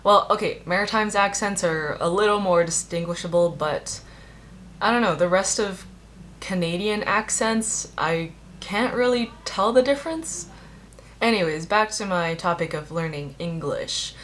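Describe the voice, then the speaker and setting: A woman's voice: fairly low pitch, a little slow, a bit bright, a little hiss or hum. A young adult woman and native Chinese speaker, telling rambling, chatty stories in a casual vlog with many fillers. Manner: chatty and rambling, heavy use of "like". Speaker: vlogger.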